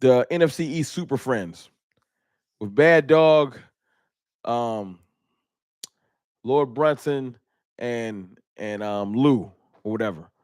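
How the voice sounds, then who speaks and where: A man's voice: medium pitch, slow pace, long pauses, a little mellow, no room sound. A man hosting a fan live stream, chatting casually and animatedly, joking and laughing at his own bits.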